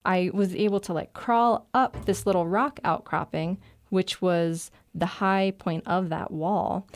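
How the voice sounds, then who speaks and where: Woman telling a lively story. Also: lowish voice, a little slow. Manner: lively, breathless retelling with laughs and "like" fillers. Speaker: writer telling a personal story. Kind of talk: casual first-person storytelling.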